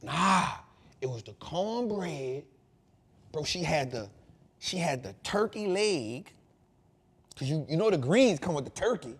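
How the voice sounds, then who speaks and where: A man in his thirties hosting a show, telling a casual story in an animated, slangy way that swings from loud to hushed. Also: fairly high pitch, a little slow, long pauses, breathy edge. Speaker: host.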